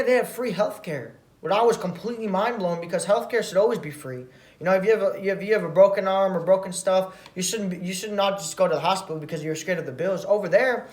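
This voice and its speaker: Rambling American man in an echoey room. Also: high-pitched. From United States. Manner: rambling, repeats himself, tags sentences with "right?". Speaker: vlogger. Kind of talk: casual travel storytelling.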